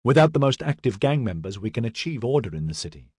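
Male narrator as a composed constable, measured and steady, husky low voice, dry sound. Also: dry recording.

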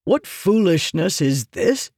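A man's voice: high-pitched, sing-song, slow, darkish tone, no echo, clean studio sound, heavily acted. A man voicing an oily, commanding merchant lord who barks orders in an audiobook reading. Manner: curt, commanding.

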